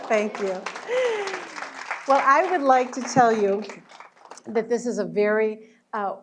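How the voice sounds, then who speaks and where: A woman, an educational entertainer, chatting and telling stories to an audience at an event after her show. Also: mid-range voice. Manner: chatty, warm storytelling with laughs. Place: event hall at a luncheon.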